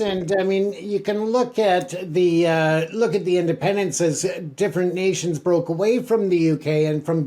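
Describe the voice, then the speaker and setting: Firm high-voiced male co-host. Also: dark tone. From Canada. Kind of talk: opinionated commentary discussion.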